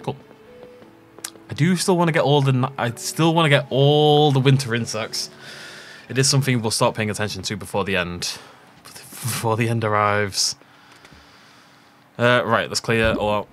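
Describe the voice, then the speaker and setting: A man's voice: mid-range voice, a bit bright, slight background noise. A man giving chatty let's play commentary, thinking aloud and laughing often as he plays. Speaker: gaming channel host.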